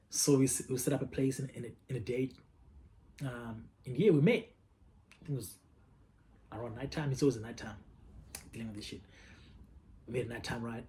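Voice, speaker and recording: A man tells a personal story in a relaxed, casual way at a mid-range pitch. He is candid and profane, and he circles back over his words as he goes. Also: a little fast, long pauses, a little hiss or hum. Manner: candid, profane, repeats himself. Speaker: vlogger.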